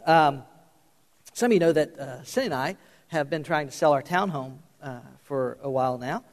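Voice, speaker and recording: An older man preaches in a folksy, joking way, his voice pitched fairly high. He slips in plenty of fillers and restarts. His words ring out with a long hall reverb. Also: normal speed. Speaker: pastor. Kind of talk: sermon.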